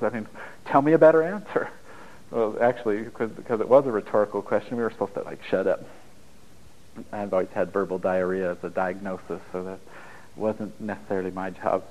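A middle-aged man at a mid-pitched, everyday register speaks to a room full of listeners. He talks in a loose, rambling way, jokes and chuckles at himself, and drifts between stories and points like a relaxed spiritual teacher. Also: poor audio. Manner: rambling, joking, laughs at his own lines. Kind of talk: informal spiritual talk to an audience. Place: room with a live audience.

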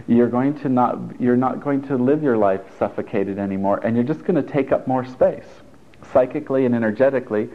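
Man teaching a workshop, tinny lo-fi recording. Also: mid-range voice. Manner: chatty and encouraging, with joking asides. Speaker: therapist leading a workshop. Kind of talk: live workshop talk to a group. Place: stuffy indoor room with an audience.

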